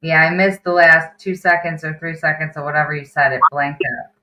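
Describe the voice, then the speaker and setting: A host with a bright, forceful voice, talking over a video call. They speak in a relaxed, patient way, checking that the guest can be heard and nudging the talk along. The sound has the thin feel of a call line. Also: medium pitch, brisk, poor audio. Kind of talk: casual interview chat.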